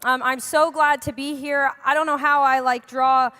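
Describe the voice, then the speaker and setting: A woman's voice: high-pitched, flat delivery, normal speed, bright, forceful tone. A young woman preaching a sermon in a church, chatty and joking with the congregation. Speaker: pastor. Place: church hall. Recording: long hall reverb.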